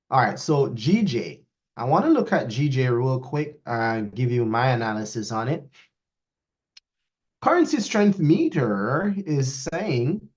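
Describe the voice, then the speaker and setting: A man teaching a live trading lesson, talking straight to his students and acting out their questions in a raised voice. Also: mid-range voice. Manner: lively, talks to students, quotes askers in a raised voice. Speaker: trading instructor. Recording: dull lo-fi audio.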